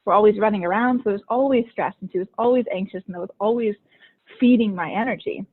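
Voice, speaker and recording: A woman's voice: medium pitch, fast, husky. A woman hosting a podcast and coaching, telling stories in a chatty way full of "like" fillers. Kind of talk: casual conversational storytelling. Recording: tinny phone-like line.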